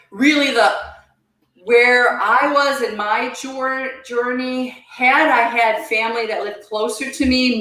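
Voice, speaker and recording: A woman guest on a podcast, telling her personal story in an earnest, halting way and repeating words as she goes. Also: a little high, fairly bright tone. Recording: very echoey room.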